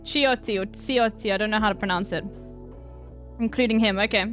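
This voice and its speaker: A woman's voice: medium pitch, fairly even intonation, a little fast, a bit bright, faint music behind. A woman streamer chatting casually while reacting to news, giggling often and trailing off mid-sentence. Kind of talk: casual chat.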